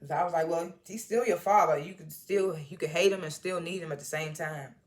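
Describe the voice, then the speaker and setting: A woman casually recapping and reviewing a TV episode, animated and slangy, with indignant asides as she retells the scenes. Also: lowish voice, fairly quick. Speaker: TV show reviewer.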